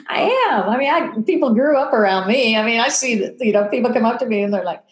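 A woman's voice: a little high, normal speed. Woman in her fifties, echoey room. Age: 50s. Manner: animated, acts out quoted voices. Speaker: guest, television personality. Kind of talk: emotional storytelling in a podcast interview.

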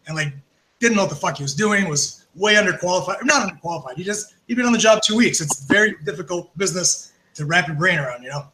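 A man with a high, bright voice tells backstage stories at a rapid clip. He talks loosely and profanely, packing his sentences with likes and you knows. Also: a little hiss or hum, low-quality recording. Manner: animated, profane, lots of fillers. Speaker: podcast guest, former wrestler. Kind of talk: casual storytelling.

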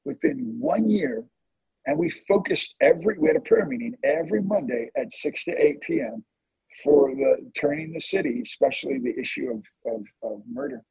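A man earnestly telling an emotional story of prayer in a conversation, with lively swings in his voice. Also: normal speed, vocal fry, slightly rough, no echo, muffled recording. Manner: earnest, emotional testimony with animated swings in pitch. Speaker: guest, prayer ministry leader.

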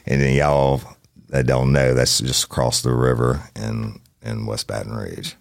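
Very deep gravelly man hosting a podcast. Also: flat delivery, no echo, clean studio sound. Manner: folksy, plain-spoken, drawn-out phrasing. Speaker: podcast host. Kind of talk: casual true-crime podcast talk. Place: studio.

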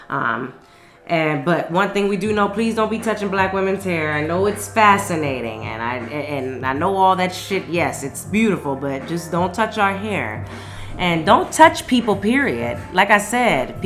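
A woman's voice: on the low side, a bit bright. A woman casually reviewing a book and reading from it aloud, enthusiastic and full of slang and swearing.

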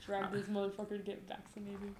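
A woman's voice: medium pitch, completely flat delivery, fast, a crowd in the background. A woman from California with a Californian accent, chatting casually at home, teasing and laughing easily. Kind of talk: casual chat. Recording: noisy home recording.

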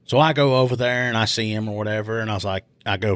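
A man spins a story from his police work in a relaxed podcast chat. His voice sits a little low and sounds dry and close to the mic. He swears casually and jumps up in pitch to act out the people in the story. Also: fast, no room sound. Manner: animated, acts out voices in quotes, swears freely. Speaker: police officer telling stories, podcast host.

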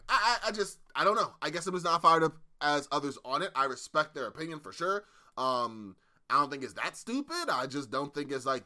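A man's voice: on the high side, sharp tone, dry recording, clean studio sound. A young man hosting a casual sports podcast, talking loosely with many fillers and restarts. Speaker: podcast host.

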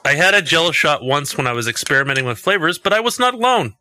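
A man's voice: a little high, sing-song, fast, pushed and bright. A man co-hosting a casual podcast, teasing the others with sarcastic quips. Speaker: podcast co-host. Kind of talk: casual chat.

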